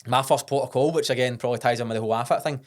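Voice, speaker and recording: Fast-talking sweary Glaswegian man. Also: mid-range voice, fairly even intonation. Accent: Scottish, Glaswegian. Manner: blunt, sweary and earnest, with many restarts. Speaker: podcast guest. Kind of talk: casual storytelling.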